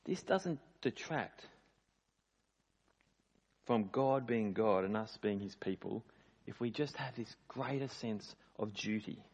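A man's voice: lowish voice, expressive, slow pace, pauses often, a little mellow, slightly rough. A man preaching a sermon in a conversational, emphatic way. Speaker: pastor. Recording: dull lo-fi sound in a reverberant hall.

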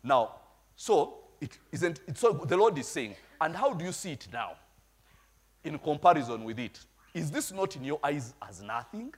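A man's voice: on the high side, very animated, normal speed, husky. A middle-aged man, preaching a storytelling sermon and checking in with his congregation. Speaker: pastor.

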